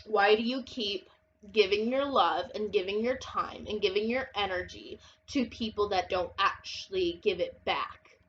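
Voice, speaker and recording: A woman's voice: mid-range voice, unhurried, fairly bright tone, highs cut off, slight background noise. A woman giving a casual tarot reading, chatty and blunt, who swears and laughs a lot and sounds a little congested and unwell. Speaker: tarot reader.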